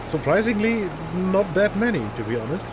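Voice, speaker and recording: German-accented male streamer, slightly high voice, joking running commentary, noisy recording. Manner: chatty, joking, thinks aloud. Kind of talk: casual gameplay commentary. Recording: noisy background hiss.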